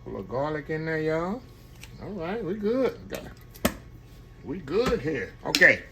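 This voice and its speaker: In his home kitchen, a cooking channel host talks viewers through a casual demo in a high, sing-song voice at a slightly slow pace, with background noise behind him. He's folksy and talkative, constantly addressing everyone as "y'all."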